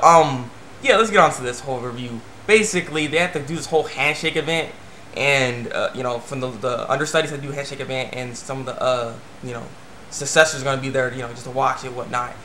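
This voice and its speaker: A man rambling casually through an anime episode review, breaking into squeaky voices for quoted characters. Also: sharp tone, roomy sound, slight background noise.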